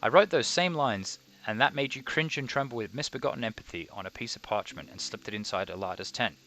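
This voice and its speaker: A man's voice: medium pitch, fairly quick, a bit bright, lightly acted. A man voicing a pompous, lovesick male circus harlequin who misuses grand words, read aloud over a game. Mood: mournful. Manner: grandiloquent, uses big words wrongly. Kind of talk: reading game dialogue aloud.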